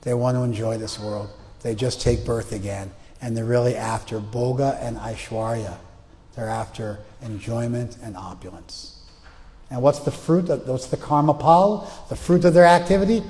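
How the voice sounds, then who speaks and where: A spiritual teacher lectures on scripture in a classroom, chanting verses before explaining them in plain language and voicing the characters in his stories. His voice is mellow and medium-pitched at a normal speed, with the acoustics of a large hall and a faint hiss or hum.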